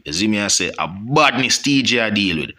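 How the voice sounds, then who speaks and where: A music commentary vlogger with a Jamaican accent rambles casually to his viewers, constantly checking in with "you see me." His fairly low voice is animated, fairly quick, bright and forceful.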